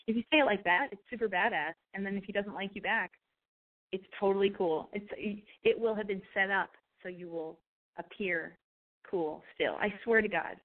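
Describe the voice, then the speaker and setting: A woman's voice: medium pitch, moderate pace. American woman, advice podcast host, chatty and blunt, tinny phone-like sound. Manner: chatty, blunt, swears freely, acts out dialogue. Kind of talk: casual advice chat.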